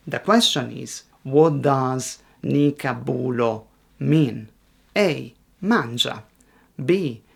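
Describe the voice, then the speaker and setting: A man teaching Italian, reading out quiz questions and answer options in a slow, deliberate scripted narration. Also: on the high side, vocal fry.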